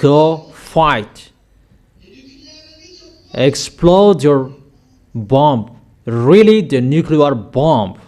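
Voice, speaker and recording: Slow, emphatic male preacher. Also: a little high, lively intonation, a little mellow. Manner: emphatic, declaiming, repeating commands. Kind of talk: sermon.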